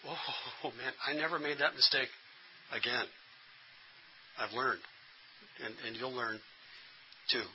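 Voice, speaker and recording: A man's voice: mid-range voice, measured pace, long pauses, pushed and bright, a little hiss or hum, low-quality recording. A middle-aged man giving a workshop lecture to pastors, earnest and plain-spoken, often restarting his sentences. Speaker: instructor training pastors.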